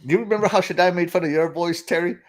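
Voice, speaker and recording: A man hosting a casual gaming podcast, giggly and excitable, laughing through his lines. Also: high voice, fast talker. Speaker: podcast host.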